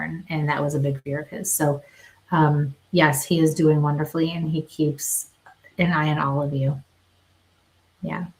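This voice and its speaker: A deep-voiced woman medium does live psychic readings, her speech halting and broken by many pauses and small laughs.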